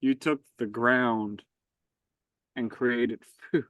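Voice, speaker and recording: A man's voice: mid-range voice, steady tone, drawn-out words, dry recording, phone-quality sound. A man co-hosting a podcast, joking and swearing in casual chat. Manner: jokey, swearing, riffing. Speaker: podcast co-host.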